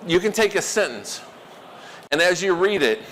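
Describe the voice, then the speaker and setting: A man giving a live workshop talk, animated and quizzing the audience. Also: high voice, moderate pace, long reverb tail, slight background noise. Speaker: workshop presenter.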